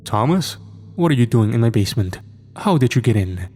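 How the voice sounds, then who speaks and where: A man's voice: medium pitch, sing-song, darkish tone, faint music behind, close to an everyday voice. A man voicing an elderly, stern but kindly old man with a German accent. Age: older. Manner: stern, measured.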